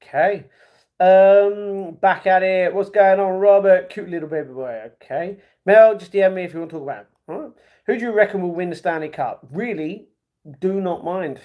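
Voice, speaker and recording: Heard with phone-quality sound, a young man with a high-sitting voice reads his livestream chat at a normal pace. He keeps it casual and chatty, tossing slang and banter back at viewers.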